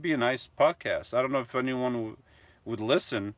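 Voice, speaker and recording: A middle-aged vlogger hosts a casual live stream, reading viewer comments and rambling with fillers and self-mocking chuckles. His mid-range voice moves a little fast and has no echo.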